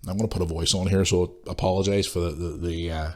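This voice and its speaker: A man's voice: sits low, level tone, fast talker. A man hosting a podcast, ranting bluntly and swearing freely while he has a cold. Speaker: podcast host. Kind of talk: casual ranting monologue.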